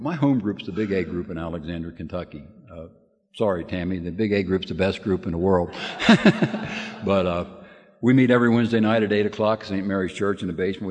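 An older man with a fairly low voice tells folksy stories to a meeting crowd, laughing at his own jokes and stumbling into restarts. His words ring out with a long reverb, as in a big hall. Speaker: AA speaker giving a lead. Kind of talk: storytelling talk at a recovery meeting. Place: meeting room with audience.

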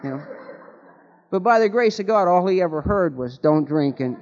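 A man with a slightly high voice tells folksy jokes to a recovery meeting, stumbling over restarts as he goes. His voice rings through a large hall with a long tail of reverb, and the recording sounds muffled and dull. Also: lively intonation, moderate pace. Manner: rambling with many restarts, folksy joke-telling.

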